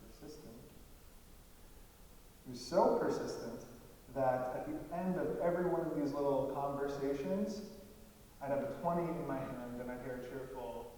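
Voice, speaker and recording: A man performing a heartfelt solo stage monologue, halting with long pauses. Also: medium pitch, warm tone. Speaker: storyteller. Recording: echoey hall from far off, faint hiss.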